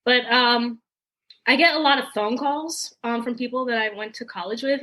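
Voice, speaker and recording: Woman guest on a podcast, high voice, bright tone, rambling casual storytelling, fillers and laughs. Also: normal speed. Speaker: guest comedian.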